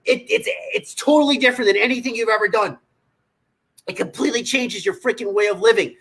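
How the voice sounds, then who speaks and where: On a livestream, a man working as a nutrition coach talks with a husky, slightly rough voice that sits high and sounds a bit bright. He speaks briskly, bluntly and profanely, scolding his listeners directly.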